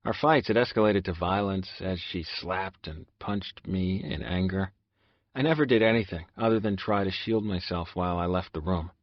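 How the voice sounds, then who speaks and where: A man's voice: sits low, moderate pace, no room sound, lo-fi sound. A man narrating a first-person audiobook in a subdued, confessional way.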